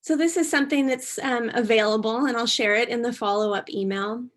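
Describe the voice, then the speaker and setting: Gentle, earnest woman presenting a workshop. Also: fairly high pitch, fairly quick. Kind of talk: online workshop talk.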